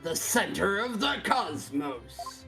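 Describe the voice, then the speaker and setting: A man voicing a grandiose old male space center director in an amateur game reading, declaiming slowly and pompously. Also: high-pitched, sing-song, gravelly, over music, full character voice.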